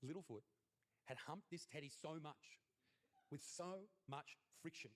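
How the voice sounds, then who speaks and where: Brash Australian stand-up comic. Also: male voice, measured pace, background noise. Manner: crude mock-earnest delivery, voice jumping high on punchlines. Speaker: stand-up comedian. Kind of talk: stand-up comedy routine. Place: comedy stage.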